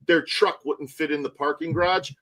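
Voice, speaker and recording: A man's voice: fairly high pitch, fairly even intonation, normal speed, fairly bright tone, rough recording. A man hosting a live stream, ranting animatedly in casual chat and swearing often. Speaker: tour guide and live stream host.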